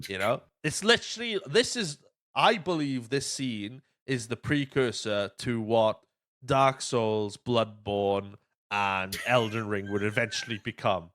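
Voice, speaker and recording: A man's voice: medium pitch, unhurried, fairly bright tone. A man hosting a podcast, chatting casually about a movie, swearing often and acting out quotes. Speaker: podcast host.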